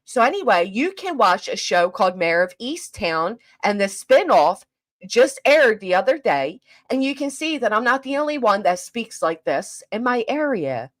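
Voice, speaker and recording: A woman with a South Jersey accent hosting a casual livestream, chatting with viewers and reading comments in a fast, clipped, profane, teasing way. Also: medium pitch, sing-song. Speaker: livestream host.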